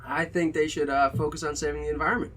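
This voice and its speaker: A young man hosting a casual podcast chat, telling lively stories and swearing freely. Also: on the high side, fast talker, noisy background. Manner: animated storyteller, swears a lot. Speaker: podcast host.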